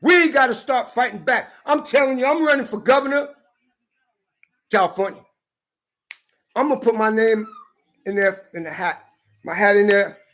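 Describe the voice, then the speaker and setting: High, bright-voiced man ranting angrily. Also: moderate pace, long pauses. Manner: heated, profane, often shouting. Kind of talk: angry rant to camera. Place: California.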